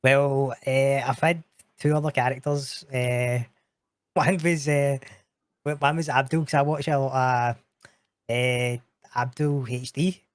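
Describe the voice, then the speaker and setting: A Scottish roleplay streamer takes it slowly in this casual podcast chat. His mid-range voice is steady and clean, with no room sound. He's slangy, laughs often and doesn't hold back on swearing.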